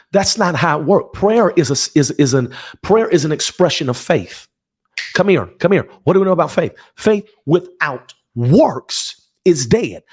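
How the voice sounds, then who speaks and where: A man's voice: fairly high pitch, very animated, a little slow, darkish tone, husky. A man preaching from his home office on a livestream, fervent and emphatic, repeating phrases and calling out to his listeners. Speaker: pastor.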